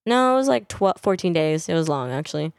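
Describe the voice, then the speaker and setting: Blunt, profane young woman, low voice. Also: big pitch swings, brisk, gravelly, clear, resonant tone, no echo, clean studio sound. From Northern California. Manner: blunt and profane, laughs often. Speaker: podcast guest. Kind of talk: casual podcast chat.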